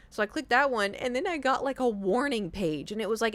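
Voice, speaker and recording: A woman in her thirties chatting casually on a live stream, telling a rambling, animated story with restarts and the odd swear word. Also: a little high, fast talker, hardly any pauses. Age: 30s.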